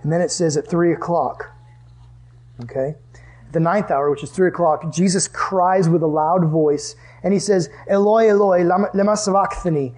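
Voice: mid-range voice, fairly even intonation, moderate pace, a little mellow, slightly rough. A Bible teacher leading a lesson for a group. They talk in a casual, conversational way and ask the listeners questions.

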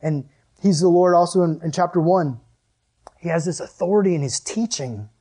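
Husky-voiced young man giving a chatty sermon. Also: fairly high pitch, normal speed. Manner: animated, chatty, heavy use of "like". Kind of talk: casual sermon.

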